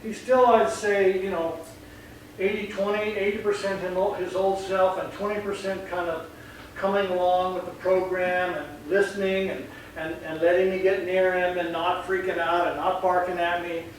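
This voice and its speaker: A man's voice: sits high, little pitch movement, moderate pace. A man working as a dog trainer, explaining casually and animatedly, often acting out voices mid-sentence. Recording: echoey room, distant mic, faint noise.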